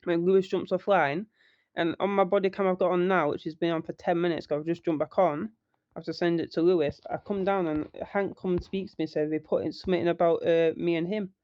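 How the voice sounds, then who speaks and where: A young northern English man, an online roleplay gamer, tells a heated, sweary story in casual chat. His high-pitched voice is brisk with fairly even intonation, and it comes through a muffled, faulty mic with no room sound.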